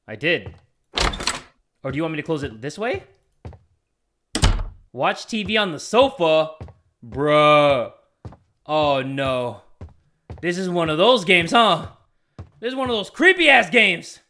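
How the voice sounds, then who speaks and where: A man's voice: on the high side, background noise. Jumpy young man narrating a creepy game. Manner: jumpy, yelps and shouts when startled, reads game prompts aloud; casual slangy chatter. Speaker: gaming YouTuber. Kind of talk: let's play commentary.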